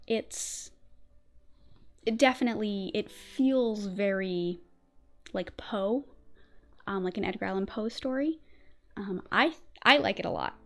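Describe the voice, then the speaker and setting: A woman's voice: medium pitch, animated, slow, long pauses. A woman streamer chatting casually and hesitantly, with fillers and restarts. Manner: hesitant, many fillers, laughs often. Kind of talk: casual chat.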